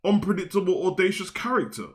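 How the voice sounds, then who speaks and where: A man's voice: sits high, lively intonation, fast. A young man, hosting a wrestling talk show in a slangy, heated, rambling rant. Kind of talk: ranting casual commentary.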